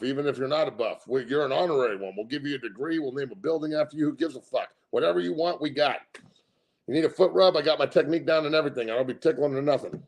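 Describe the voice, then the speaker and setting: Gravelly, brash, profane host. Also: male voice, medium pitch. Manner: loud, brash and profane, laughs often. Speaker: sports show host. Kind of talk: profane casual sports commentary.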